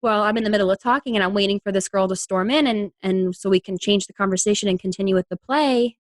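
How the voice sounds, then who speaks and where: A woman's voice: medium pitch, fast, no room sound. Actress guest, young woman from New York, laughs through her stories, dry recording. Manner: giggly, animated storyteller. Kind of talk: casual interview chat.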